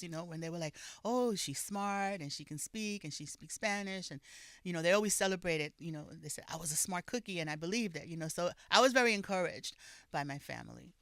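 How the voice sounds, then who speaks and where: Older New woman, guest on a podcast, bright clear voice, chatty storyteller. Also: on the low side, dry recording, clean studio sound. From the Bronx, New York, of Puerto Rican parents. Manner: warm storyteller, laughs often, restarts phrases, mixes in Spanish. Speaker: guest author. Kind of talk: relaxed conversational storytelling.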